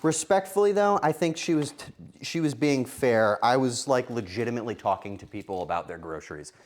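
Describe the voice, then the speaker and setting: A man's voice: medium pitch, expressive, a little fast. A male streamer chatting casually with his viewers while cooking, playful and joking. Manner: playful, joking banter with chat.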